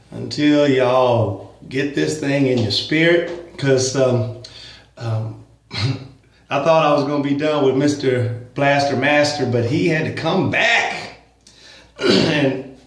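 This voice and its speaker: A man's voice: mid-range voice, echoey room, poor audio. A man vlogging casual religious commentary, speaking emphatically with chuckling asides.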